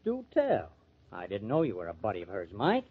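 An actor playing a glib, fast-talking press agent in a 1940s radio drama. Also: male voice, on the low side, huge pitch swings, slightly rough, full character voice. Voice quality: glib, coaxing. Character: breezy, fast-talking male press agent, young adult. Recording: muffled old radio recording.

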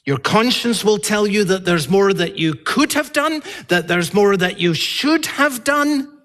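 A man delivers a sermon from the pulpit, his pitch sitting a little high. His voice rises to emphatic peaks and falls back low. He speaks slowly and earnestly. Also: expressive, fairly bright tone. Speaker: pastor.

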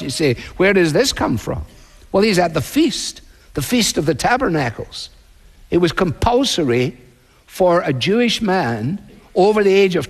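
Preaching man in a reverberant hall. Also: on the high side. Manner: measured preaching with dramatic quoted voices. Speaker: pastor. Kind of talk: sermon.

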